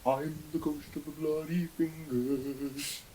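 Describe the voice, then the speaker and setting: A man voicing an eerie ghost with bloody fingers, in a slow, drawn-out, droning voice. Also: fairly high pitch, flat delivery, very noisy.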